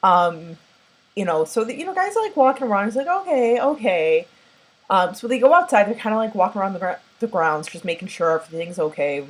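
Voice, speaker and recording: A woman's voice: mid-range voice, fast talker, poor audio. A woman casually recapping a horror film plot, rambling with lots of filler words and acting out characters' lines. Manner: animated, acts out characters' lines. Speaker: movie reviewer.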